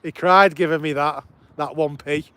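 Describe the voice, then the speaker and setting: A man's voice: on the high side, steady tone, normal speed, fairly bright tone, slight background noise. A man, hosting a live stream outdoors and chatting with viewers in a casual, enthusiastic way. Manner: chatty, greets viewers by name, enthusiastic commentary. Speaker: livestream host. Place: outdoors at an airport.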